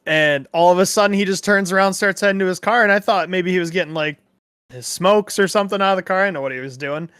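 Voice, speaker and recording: A young man in casual podcast chat, laid-back, with quick agreeing remarks. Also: high voice, a bit bright, clear, resonant tone, dry recording, studio quality. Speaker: podcast co-host.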